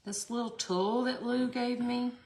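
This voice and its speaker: A woman's voice: fairly high pitch, steady tone, unhurried, darkish tone. A chatty middle-aged woman, hosting a casual craft tutorial and talking to her viewers. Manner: chatty, laughs often, talks to viewers. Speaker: resin art tutorial host.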